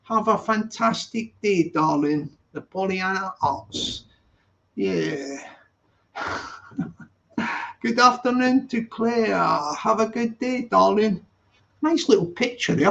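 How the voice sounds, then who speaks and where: Gravelly high-voiced man streaming live. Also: takes it slowly, fairly bright tone. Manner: chatty, rambling, greets viewers by name. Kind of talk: casual live-stream chat. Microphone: streaming setup. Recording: dull lo-fi live-stream audio.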